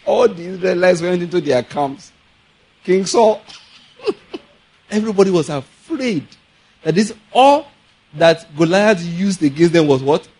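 A man with a Nigerian accent preaching a sermon, telling animated stories, laughing often and acting out the people he quotes. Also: sits high, unhurried, pauses often, breathy edge. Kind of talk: sermon with storytelling.

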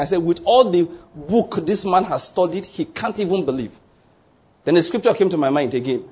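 A man's voice: on the high side, darkish tone, slightly rough. A man preaching a sermon, emphatic and repetitive, often checking whether his listeners follow him. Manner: emphatic, repeats key lines, asks the congregation questions.

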